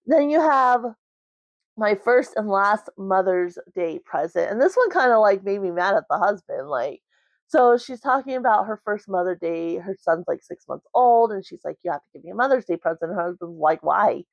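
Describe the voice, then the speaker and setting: A woman's voice: mid-range voice, expressive, normal speed, no room sound. A woman vlogger chatting casually about a book at home, rambling with lots of "like" and "um". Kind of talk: casual book review chat. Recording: dry, slightly muffled recording.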